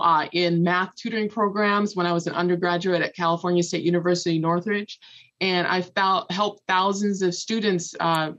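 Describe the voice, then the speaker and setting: A woman from Los Angeles speaks as a podcast guest and gives motivational advice. She talks in an earnest, emphatic way and comes back to the same key phrases again and again. Her voice is mid-pitched, and the recording sounds a little dull and muffled. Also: fairly bright tone. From Los Angeles, United States. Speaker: guest, author and former math professor. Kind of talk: motivational talk.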